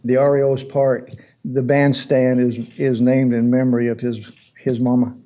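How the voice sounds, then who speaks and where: A council member, telling folksy jokes at a meeting. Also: male voice, mid-range voice, little pitch movement, moderate pace, warm tone, lo-fi sound. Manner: folksy, joking. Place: council chamber.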